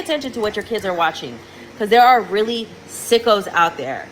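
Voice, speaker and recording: A woman's voice: mid-range voice, very animated, brisk, slight background noise, poor audio. A woman, a mother, telling a story to camera in an alarmed, emphatic way.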